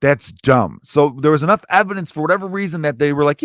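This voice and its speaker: A man's voice: fairly high pitch, fast talker, fairly bright tone, no echo, studio quality. Ranting, profane male comedian podcaster. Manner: ranting, profane, jumps between topics.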